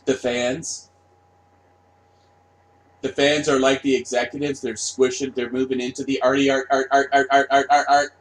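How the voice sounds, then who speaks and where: Brief: a man ranting on camera, sarcastic and crude, repeating words over and over. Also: medium pitch. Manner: profane, repetitive, sarcastic. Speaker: vlogger. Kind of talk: casual rant.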